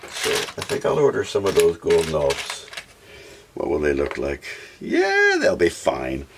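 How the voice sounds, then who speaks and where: A man's voice: extremely low pitch, big pitch swings, a little slow, vocal fry. A man chatting casually to himself and the viewer while he works on a guitar, with sudden sing-song bursts. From Scotland. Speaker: hobby guitar builder. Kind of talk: casual workshop vlog talk. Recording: faint background noise and clicks.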